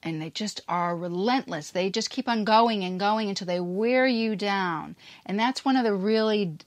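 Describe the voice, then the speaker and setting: A woman's voice: mid-range voice, moderate pace, dry recording. A woman hosting a podcast, explaining a topic in a casual, emphatic way and briefly acting out quoted lines. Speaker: podcast host.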